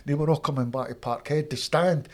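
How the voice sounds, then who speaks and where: A Scottish man in his fifties, a former footballer, telling lively anecdotes in a casual interview and acting out the people he quotes. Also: a little high, a little fast. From Scotland. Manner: animated anecdotes, acts out quoted voices.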